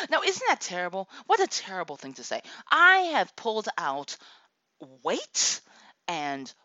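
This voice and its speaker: A woman telling a comic story about her daughter, animated and exasperated, laughing often. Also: on the low side, measured pace, no room sound, dull audio.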